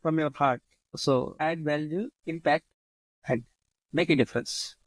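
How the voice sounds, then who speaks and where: A man with an Indian English accent, a guest speaking spontaneously in an interview, repeating his motto and pausing often with fillers. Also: a little high, dry recording, low-quality recording. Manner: repeats his slogans, halting with many fillers. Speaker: guest, leadership author.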